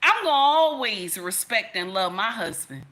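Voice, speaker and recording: A woman's voice: mid-range voice, big pitch swings, moderate pace, sharp tone. A woman speaking straight to her audience in an impassioned rant, scolding and repeating herself for emphasis. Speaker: commentator. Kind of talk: impassioned direct-to-camera rant.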